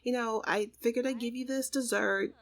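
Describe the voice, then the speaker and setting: A woman's voice: on the high side, steady tone, normal speed, voice pushed up, close to an everyday voice. A woman voicing a reluctant young woman in a life-sim game who talks bluntly about getting paid. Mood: matter-of-fact.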